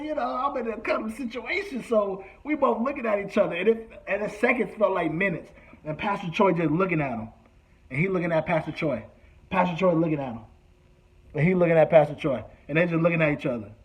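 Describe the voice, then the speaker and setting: A man telling a personal story in an animated way, acting out the people he quotes. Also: sits high. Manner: acts out quotes, shouting and whispering.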